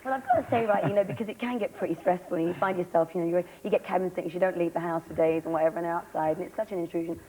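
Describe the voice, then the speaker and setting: Actress chatting fast on an old tv show, bit hoarse, lowish voice, faint hiss. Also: female voice, steady tone, warm tone, rough recording. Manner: rambling, giggly, fast storyteller. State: slightly hoarse voice. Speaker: guest actress. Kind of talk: chatty talk-show interview.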